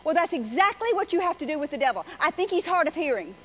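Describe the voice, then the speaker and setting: A woman's voice: high voice, sing-song, quick pace, a bit bright. A woman preacher delivering a folksy, joking sermon full of stories. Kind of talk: sermon with storytelling. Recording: slightly muffled with faint noise.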